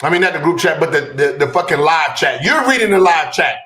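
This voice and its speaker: Male podcast host, swearing, loud and exasperated, echoey room. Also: on the high side, animated, fast talker, few pauses. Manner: exasperated, loud comic outbursts. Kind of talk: profane casual storytelling.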